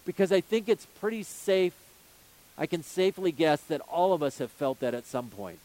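A man's voice: on the high side, expressive, moderate pace, a little mellow. A male pastor preaching a sermon, earnest, building his points with repeated phrases and rhetorical questions.

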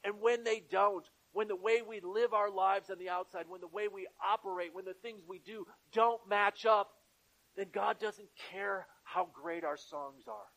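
Male pastor, high voice, earnest repetitive sermon cadence, church setting. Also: fairly even intonation, measured pace, gravelly, a bit bright, poor audio.

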